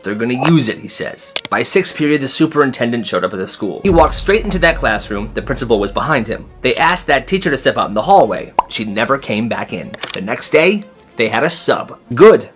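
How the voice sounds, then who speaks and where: A man's voice: medium pitch, fairly quick, over music. A man narrating comedic storytime skits with sarcastic asides and voices for the people in them. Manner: animated, sarcastic commentary.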